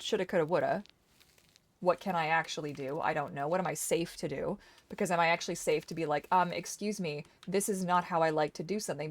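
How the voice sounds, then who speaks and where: A young woman streamer giving casual gameplay commentary, chatty, swearing freely and exclaiming loudly at the game. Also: fairly low pitch, no room sound. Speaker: gaming streamer.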